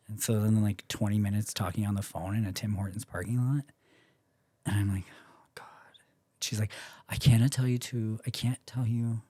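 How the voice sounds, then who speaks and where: A man's voice: lowish voice, dark tone, husky, no echo. A young Canadian man, a podcast guest, telling a story in casual chat, acting out quoted voices and swearing freely.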